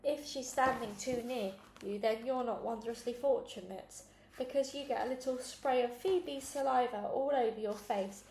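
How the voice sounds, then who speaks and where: A woman reads a children's novel aloud with lively energy. Her voice sits fairly high, and the room adds a noticeable echo over a faint background hum. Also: normal speed. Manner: lively, acting out every character in turn. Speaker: storybook reader.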